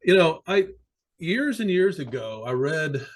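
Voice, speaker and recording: A man who works as a sports psychologist, speaking as a podcast guest and telling animated stories with plenty of fillers. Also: on the high side, unhurried. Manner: animated, anecdotal, many fillers. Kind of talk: conversational storytelling.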